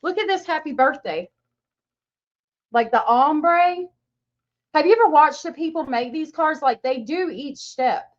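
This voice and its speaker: Woman, livestream host, chatty and gushing, fairly high voice, muffled lo-fi webcam sound. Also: expressive, unhurried, long pauses. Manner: chatty, gushing, greets chat viewers by name. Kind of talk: casual livestream chat. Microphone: webcam mic.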